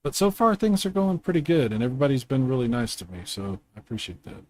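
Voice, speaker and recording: A man hosting a casual video game chat from home, rambling and quick to laugh. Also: medium pitch, very animated, a little mellow. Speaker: host.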